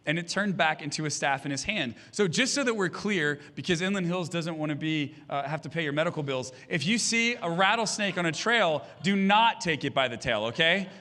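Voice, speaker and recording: Preaching from a church stage, a pastor in his thirties tells funny family stories and acts out the voices of the people in them. His voice is on the high side, animated, and fairly quick, with hardly any pauses. The tone is bright and forceful.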